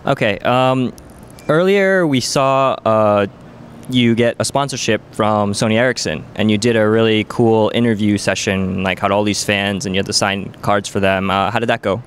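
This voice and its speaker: A man's voice: fairly low pitch, normal speed, slight background noise. A man interviewing a player at a gaming event, chatty and playful, with lots of "um" and "like". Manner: chatty, filler-heavy, playful. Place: busy gaming event venue.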